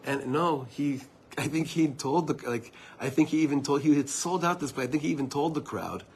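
A man's voice: on the high side, a little fast, darkish tone, a little hiss or hum. A man giving an informal Torah talk to a small group, telling personal stories with earnest asides to his listeners. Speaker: Torah teacher.

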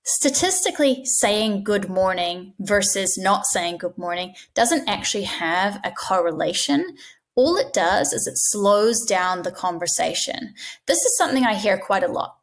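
A woman's voice: mid-range voice, lively intonation, a little slow. Woman coaching on phone manners. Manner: direct, emphatic coaching with acted-out phone greetings. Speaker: dental practice trainer. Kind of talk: instructional talk.

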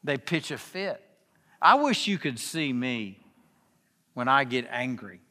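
Bright-voiced man preaching in a reverberant hall. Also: mid-range voice, big pitch swings, slow pace. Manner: confessional, rhetorical questions to the audience. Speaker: guest speaker at a men's gathering. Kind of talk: informal preaching talk. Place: event hall with tables.

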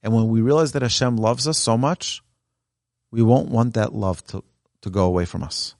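In clean, dry studio sound, a man with a darkish mid-range voice speaks at normal speed while teaching Torah as a rabbi. At an indoor learning center with a live audience, he is earnest and exhortative, lifting his lines emphatically as he narrates a story.

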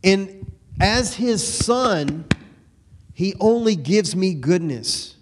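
Folksy preacher with a slight Texas twang. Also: male voice, high voice, animated, background noise. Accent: East Texas. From Texas, USA. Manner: folksy, repeats words, slows and swells on scripture. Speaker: pastor. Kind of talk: sermon.

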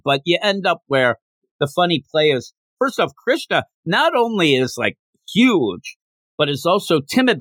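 A man's voice: medium pitch, no room sound. A man hosting a podcast, chatting casually about a manga and retelling it with many restarts. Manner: animated storytelling with many restarts. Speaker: podcast host. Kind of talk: casual manga review chat.

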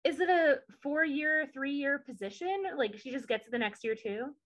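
A woman's voice: sits high, moderate pace, fairly bright tone. A woman co-hosting a podcast, chatting casually and opinionatedly as she recaps a show, with many asides. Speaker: podcast co-host.

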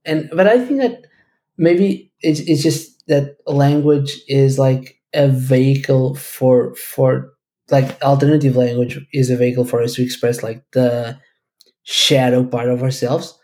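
A man from Portugal whose first language is Portuguese, speaking as a podcast guest in a thoughtful, halting way with many restarts. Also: mid-range voice, steady tone, dark tone. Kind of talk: casual podcast conversation.

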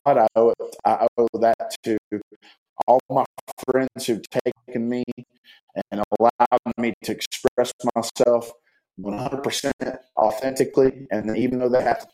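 Unhurried and fairly even in intonation, this man's mid-range, darkish voice comes through poor audio. As a talk show guest he mixes casual storytelling with heartfelt reflection, rambling and using plenty of fillers.

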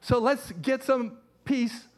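A man's voice: very high voice, slow. A middle-aged man, a pastor, preaching a sermon in church with earnest, repeated phrases.

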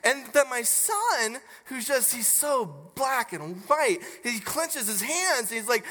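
A preacher delivering a sermon in a bright, cutting voice, telling stories with lively, emphatic energy. The sound carries a long reverb, as if from a large hall or church. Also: sits high, slow pace. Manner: animated storyteller, grows loud and emphatic as the story builds. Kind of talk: sermon with personal storytelling.

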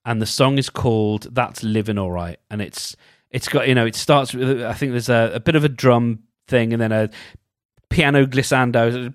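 A British man talking on his own in a casual, rambling way, restarting sentences often and getting animated as he goes. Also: medium pitch, normal speed, dry recording, clean studio sound. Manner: rambling, animated, self-interrupting. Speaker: podcast host. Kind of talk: casual solo chat.

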